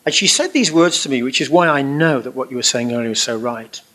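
A middle-aged man shares a personal testimony with a gathered audience. His voice sits at an ordinary male pitch as he tells his tale with lively, chuckling asides and homely colloquial turns of phrase. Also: fast talker. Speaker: speaker giving a personal testimony. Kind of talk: storytelling testimony to a live audience.

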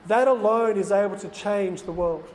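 A man's voice: high-pitched, moderate pace, darkish tone. A man who is a priest, telling an earnest, confiding personal story to lay people. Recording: faint noise, long hall reverb.

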